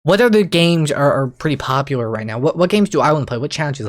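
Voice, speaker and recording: A young man talking casually to camera as a streamer, rambling and excitable, often restarting his sentences and jumping in pitch when he gets worked up. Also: fast. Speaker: streamer and YouTuber. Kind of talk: casual vlog monologue.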